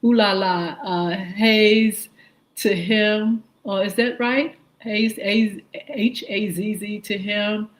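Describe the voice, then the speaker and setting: A woman hosting a live morning stream speaks at a slow, unhurried pace in a mid-range voice. She greets each viewer by name in a friendly way and spells out usernames letter by letter. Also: medium pitch, steady tone, rough recording. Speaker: radio and livestream show host.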